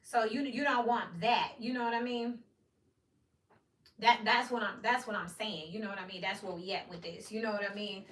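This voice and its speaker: A woman's voice: medium pitch, steady tone, moderate pace, a bit bright. Blunt woman in an echoey room. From Memphis, USA. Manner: blunt and profane, with frequent "you know what I mean". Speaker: tarot reader. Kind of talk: casual tarot reading rant. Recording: roomy echo, distant from mic.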